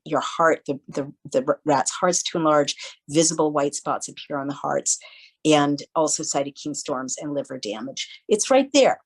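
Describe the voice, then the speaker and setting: A woman speaks in a low, full voice as a podcast guest. She tells her stories animatedly and briefly plays the people she quotes. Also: poor audio. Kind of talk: casual interview conversation.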